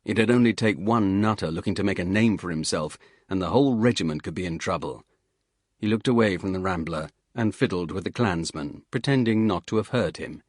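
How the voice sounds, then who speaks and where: Low-voiced male thriller narrator. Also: dry recording, studio quality. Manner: measured, steady thriller reading. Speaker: audiobook narrator. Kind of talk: scripted narration.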